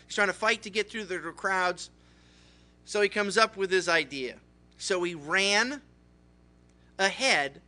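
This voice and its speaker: A man preaching a Bible study sermon, telling the story in a lively way. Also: sits high. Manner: animated storytelling, acts out characters. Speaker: pastor.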